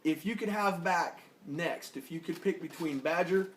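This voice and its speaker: A man's voice: fairly high pitch, moderate pace, a bit bright. Laid-back man in an echoey room. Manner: laid-back, rambling, joking. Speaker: podcast co-host. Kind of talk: casual TV review chat. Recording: echoey room with faint noise.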